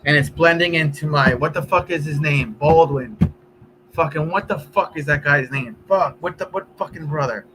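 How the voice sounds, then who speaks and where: A man's voice: fairly high pitch, moderate pace, pushed and bright, slight background noise, low-quality recording. A man live streaming, chatting casually with viewers in a rambling, profane way.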